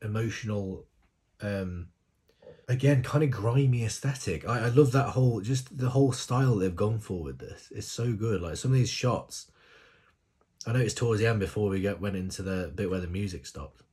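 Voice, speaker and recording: A man hosting a music video reaction, talking in a rambling, effusive way with sudden excited exclamations. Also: on the low side, moderate pace, husky. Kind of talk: casual reaction commentary.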